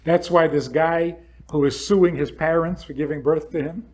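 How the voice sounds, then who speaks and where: A man's voice: a little high, fairly even intonation, normal speed, a little mellow. A man speaking as a rabbi, lecturing an audience with provocative rhetorical questions and acting out what imagined people would say.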